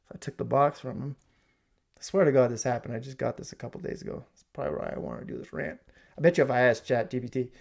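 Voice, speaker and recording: A man telling a comic story as a rant from his home basement, swinging from loud exclamations to hushed asides. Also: medium pitch, fast, vocal fry. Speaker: comedic ranter. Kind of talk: comedic rant.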